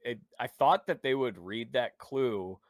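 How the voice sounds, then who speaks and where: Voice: medium pitch, measured pace. An interview host asking laid-back follow-up questions and laughing along with the guest.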